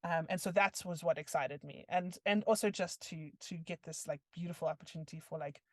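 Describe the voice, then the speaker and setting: A woman's voice: sits low, brisk, no room sound, studio quality. A woman, a film director, talking casually in an interview with many "like"s and "um"s. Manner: thoughtful, many fillers like "like" and "um".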